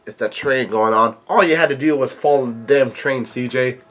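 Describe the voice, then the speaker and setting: Halting man reading a comic aloud. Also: mid-range voice, a bit bright. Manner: halting, frequent restarts and fillers. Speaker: reaction video host.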